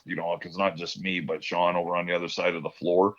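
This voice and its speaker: A man's voice: low-pitched, flat delivery, fast talker. A man telling rambling stories in casual podcast chat, laughing often. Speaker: podcast co-host. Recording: dull lo-fi sound.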